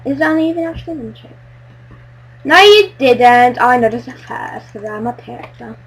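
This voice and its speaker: A woman chatting excitedly while playing a building game with friends, silly and bubbly, breaking into squeals. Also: fairly high pitch, normal speed, husky. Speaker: gamer playing on a friend's server. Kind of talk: excited let's-play chatter.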